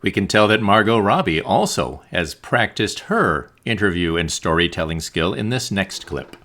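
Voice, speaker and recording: A man narrates an instructional video with a low voice that swings widely up and down. His delivery is lively, with jokes dropped in between the points. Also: moderate pace. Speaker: presenter.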